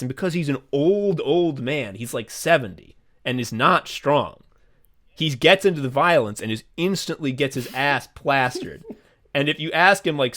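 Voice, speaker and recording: Excitable, profane male podcast co-host. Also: fairly high pitch. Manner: excitable, profane, animated storytelling with quick voice switches. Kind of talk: casual comedic chat.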